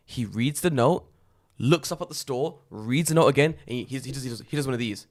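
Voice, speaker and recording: A man co-hosting a podcast, telling stories in a loose, animated way and swearing often. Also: mid-range voice, normal speed. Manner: animated storyteller, swears a lot. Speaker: podcast co-host. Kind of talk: casual chat.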